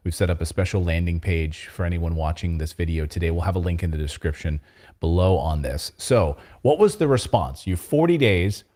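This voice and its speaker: A man hosting an interview, briskly pointing viewers to links and asking follow-up questions. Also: deep voice, lively intonation, warm tone. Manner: brisk, plugs links, short affirmations. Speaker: host.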